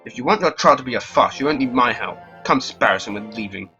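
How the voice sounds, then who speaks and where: A man playing a no-nonsense falcon defense lawyer in a game, speaking firmly and crisply. His voice is fairly bright in a slightly dull recording with faint music behind it. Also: medium pitch, lively intonation, fast. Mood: stern. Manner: clipped, firm, bluffing legalese. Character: confident male falcon defense attorney.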